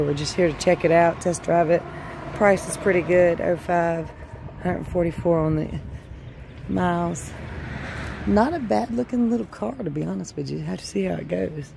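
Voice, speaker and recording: A woman chatting casually to her phone camera as a vlogger, folksy and quick to laugh. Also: lowish voice, creaky, noisy background. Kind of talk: casual vlog chat. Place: outdoors at a car lot, then at home.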